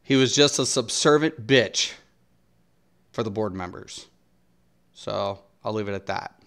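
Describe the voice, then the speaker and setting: A man's voice: lowish voice, unhurried, fairly bright tone. A man streaming and ranting commentary in a blunt, profane, swaggering way. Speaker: game streamer.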